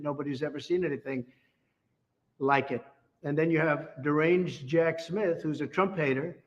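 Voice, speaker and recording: A man making emphatic public remarks, full of repetition and big claims. His voice sits somewhat high. The recording is muffled and lo-fi, with a long hall reverb behind it. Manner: emphatic, repetitive, boastful, superlatives. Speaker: politician.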